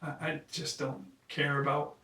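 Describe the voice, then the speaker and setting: This occupational therapist, also a founder, speaks in a fairly high voice that is pushed and bright, with little pitch movement. Chatting casually, he tells earnest, emotional stories and keeps restarting sentences; the mic is distant and the room echoey.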